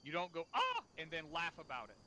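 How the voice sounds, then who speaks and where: A man's voice: fairly high pitch, animated, quick pace, pushed and bright, a little hiss or hum. A man leading a game unit's after-action debrief, blunt and profane as he scolds. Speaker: unit leader.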